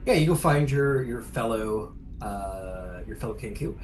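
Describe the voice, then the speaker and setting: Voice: mid-range voice, expressive, measured pace, darkish tone, soft background music. A game master narrating a tabletop game in a loose style full of fillers.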